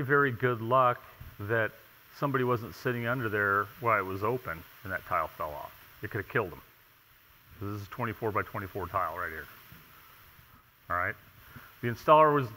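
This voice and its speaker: A man lecturing at a conference, emphatic and full of rhetorical questions, pausing for "okay?" again and again. His voice is very bright and forceful. Long reverb from a large hall trails behind each phrase. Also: medium pitch. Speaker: tile installation inspector presenting. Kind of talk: conference presentation.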